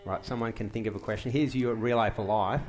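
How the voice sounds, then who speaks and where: A man's voice: lowish voice, steady tone, fast, a little mellow. Aussie guy hosting a stage q and a, lots of yeahs, upbeat. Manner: encouraging, brief affirmations. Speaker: interviewer and event host. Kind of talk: on-stage interview.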